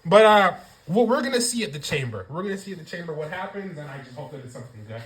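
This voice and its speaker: A woman's voice: lowish voice, quick pace, echoey room, rough recording. A woman giving a casual wrestling show review, ranting with lots of swearing. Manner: profane, animated ranting.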